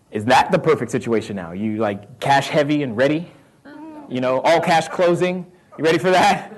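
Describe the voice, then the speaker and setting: Animated motivational man, laughing often. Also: on the high side. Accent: Southern American. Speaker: real estate investor speaking to a live audience. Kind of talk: motivational talk.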